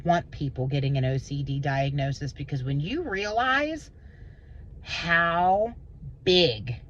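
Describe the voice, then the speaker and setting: A woman vlogging an emotional personal monologue, intense and rambling, swearing and swinging between low and high pitch. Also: lively intonation, slow, fairly bright tone, highs cut off, slight background noise.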